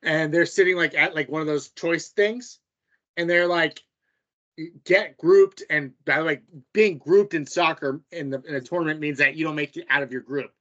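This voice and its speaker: A man's voice: fairly high pitch, normal speed, bright, forceful tone, dull audio. A man from the United States co-hosting a podcast, ranting heatedly and with lots of swearing in casual sports chat. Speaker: podcast co-host.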